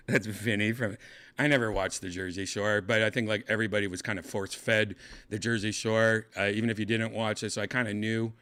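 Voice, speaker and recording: A man telling a casual story as host of his own show, rambling, correcting himself, and jumping up into high voices to mimic people. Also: steady tone, moderate pace, fairly bright tone. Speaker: podcast host.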